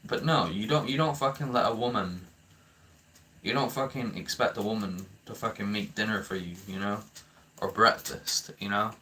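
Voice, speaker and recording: A man's voice: fairly low pitch, moderate pace, sharp tone, a little hiss or hum. A young man ranting to his viewers, heated and swearing often, with frequent stammering restarts. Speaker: vlogger. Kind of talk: ranting commentary to camera.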